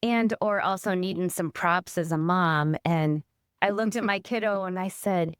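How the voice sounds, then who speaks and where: Smooth-voiced woman telling a story. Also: on the low side, normal speed, no echo, clean studio sound. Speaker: child psychiatrist, guest. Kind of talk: casual anecdote.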